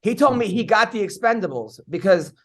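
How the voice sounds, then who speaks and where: A man's voice: high-pitched, expressive, a little fast. A man hosting a podcast, telling rambling stories in casual chat and swearing freely. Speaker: podcast host.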